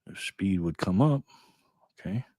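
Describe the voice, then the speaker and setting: A man's voice: low voice, animated, measured pace, darkish tone, no echo, studio quality. A man hosting a casual livestream, greeting viewers by name and calling them "man" and "bro". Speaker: livestream host. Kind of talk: casual livestream chat reading viewer comments.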